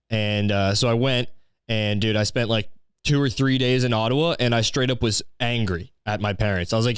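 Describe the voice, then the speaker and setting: Foul-mouthed young podcast host. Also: male voice, lowish voice, fairly even intonation, a little fast, smooth, dry recording, clean studio sound. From Canada. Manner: crude, exaggerated, sarcastic, swears constantly. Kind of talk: profane comedic rant.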